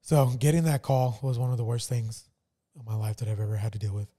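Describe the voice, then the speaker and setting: A man co-hosting a faith podcast speaks in a somber, halting way, full of fillers. His voice is very dark and mellow, at an ordinary pitch. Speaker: podcast co-host. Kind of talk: casual personal testimony.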